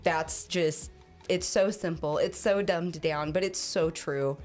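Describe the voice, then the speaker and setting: A woman speaking as a podcast guest, open and reflective, sometimes halting as she searches for words. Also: sits low, steady tone, a little mellow, soft background music. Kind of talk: casual conversational podcast chat.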